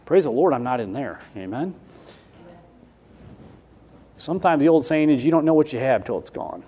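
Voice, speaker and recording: A man preaching a sermon in a folksy, repetitive way, switching between loud emphasis and quiet asides. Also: mid-range voice, expressive, moderate pace, breathy edge. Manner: folksy, repeats himself with restarts.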